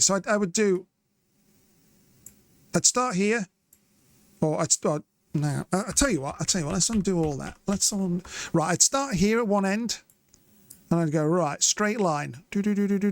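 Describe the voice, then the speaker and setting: A man giving chatty live commentary as he plays and explains his method step by step. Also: sits high. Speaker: streamer.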